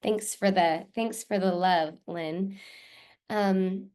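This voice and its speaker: A woman's voice: mid-range voice, fairly even intonation, slow pace, clear, resonant tone. A woman presenting a live online workshop over a video call, reading out participants' responses and affirming them with frequent ums. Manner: warm, affirming, reflective, with filler ums.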